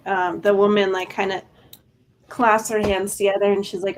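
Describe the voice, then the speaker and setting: A woman narrating as game master of a tabletop game, halting and full of fillers. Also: medium pitch, flat delivery, slight background noise.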